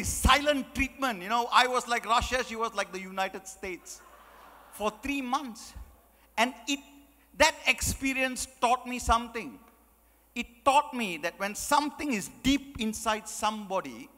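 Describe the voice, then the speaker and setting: A high, lively male voice bounces through the story, bright and forceful in delivery. He acts out each line of dialogue as he goes. The sound carries the long reverb of a large hall. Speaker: speaker. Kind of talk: storytelling in a motivational talk.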